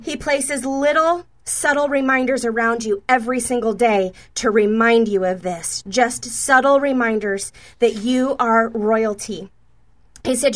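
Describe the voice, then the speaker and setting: A woman's voice: high-pitched, unhurried. A woman minister giving spontaneous prophetic words and prayer to named viewers, fervent and repetitive with many stammered restarts.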